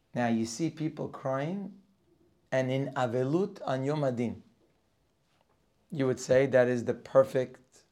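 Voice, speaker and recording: A man teaching a Torah class for Rosh Hashanah, reading Hebrew verses and translating them line by line. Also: mid-range voice. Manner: reads Hebrew verses and translates each, rising and louder as he goes.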